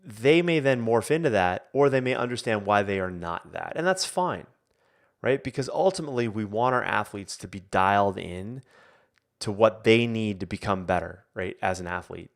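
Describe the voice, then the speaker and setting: This coach runs a live online Q&A in a voice that sits on the low side, moving at a moderate pace. He chats loosely and rambles, full of fillers and false starts, bringing quotes to life with animation.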